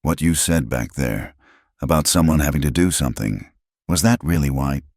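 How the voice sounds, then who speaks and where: A bruised young woman, read by a man, speaks softly and tentatively. The voice stays very deep. The recording is dry and close. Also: lively intonation, normal speed, vocal fry, no echo, heavily acted. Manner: soft, tentative questions.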